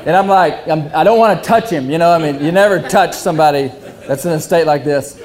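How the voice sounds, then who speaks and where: A young man telling a hunting story, animated and often laughing while he talks. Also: fairly high pitch, fairly quick. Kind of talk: casual storytelling.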